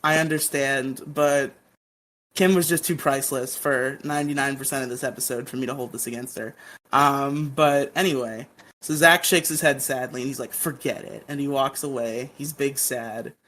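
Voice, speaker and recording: A man's voice: medium pitch, normal speed. A man co-hosting a podcast, animatedly recapping episodes and acting out the characters' lines. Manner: animated, acts out quotes. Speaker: podcast co-host.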